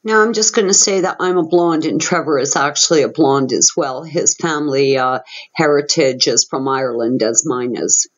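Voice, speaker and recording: A woman's voice: low-pitched, moderate pace, highs cut off. A middle-aged woman hosting her own channel, recounting a personal story candidly and emphatically, swearing freely and laughing in disbelief. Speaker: host.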